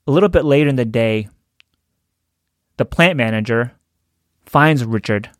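A man's voice: mid-range voice, a little slow, long pauses, no room sound, studio quality. A man in a conversational storytelling talk who chuckles as he goes. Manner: conversational, chuckles while telling.

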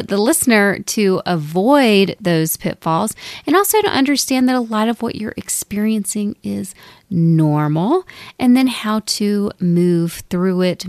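A woman co-hosting a podcast as a medium, talking casually with many fillers and lively quoted asides. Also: mid-range voice, no echo, studio quality. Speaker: podcast co-host, psychic medium.

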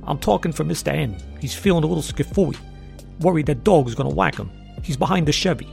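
A man's voice: a little high, quick pace, creaky, a little mellow, faint music behind. A man voicing a big green male parrot who talks like a street-smart mob go-between in a storybook tale. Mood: bargaining. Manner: wiseguy street talk, bargaining.

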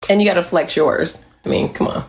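Playful woman with a lively voice. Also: lowish voice, a little fast. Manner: playful, laughs often, teasing. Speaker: host. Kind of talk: casual chat.

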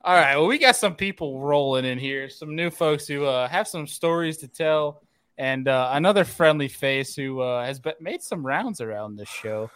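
Bright, lively male podcast host. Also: on the high side, normal speed, smooth, no room sound. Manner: upbeat, laughs often. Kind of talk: casual chat, introducing guests.

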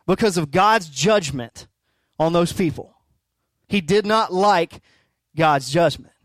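A man's voice: high voice, expressive, takes it slowly, dry recording. A middle-aged man preaching a sermon as a pastor, conversational and emphatic, asking rhetorical questions.

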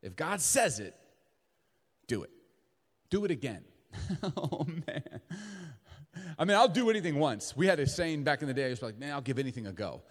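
A middle-aged man preaching a sermon in a large church auditorium, moving between booming emphasis and hushed, intimate passages. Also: sing-song, normal speed, pauses often, in a large hall. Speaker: pastor.

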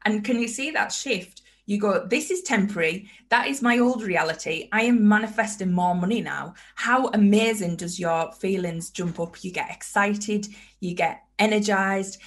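A woman's voice: medium pitch, normal speed. A woman hosting a motivational self-help talk, emphatic and fond of repeating her key phrases. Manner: emphatic, repeats phrases, acts out inner voices. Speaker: podcast host.

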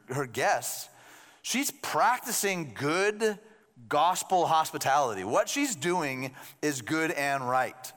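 A man delivers a sermon with a slightly raised pitch. He talks to the congregation in a loose, conversational way and drops in joking asides. His voice rings out with the long reverb of a large hall. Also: fairly bright tone. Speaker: pastor.

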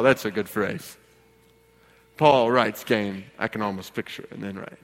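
A man preaching as a pastor, swinging from hushed, earnest passages to loud, ringing exhortation and repeating key words for emphasis. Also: lowish voice, normal speed. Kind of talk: sermon. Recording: long hall reverb.

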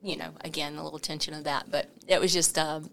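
A middle-aged woman telling a story as an interview guest, animated and laughing, with many fillers. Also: low voice, fast talker, gravelly. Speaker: coffee company founder, interview guest.

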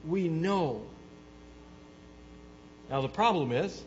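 A man preaches in a church sanctuary, his fairly high voice trailing off into a long reverb. He is emphatic, rising into loud bursts and dropping to low, earnest stretches. The recording is dull and slightly muffled, with a faint hum underneath. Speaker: pastor. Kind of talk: sermon.

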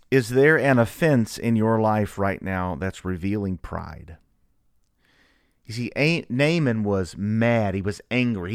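A man reading scripture and giving a devotional sermon, earnest and full of rhetorical questions, his pitch rising sharply for emphasis. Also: clear, resonant tone, no echo, clean studio sound. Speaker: preacher.

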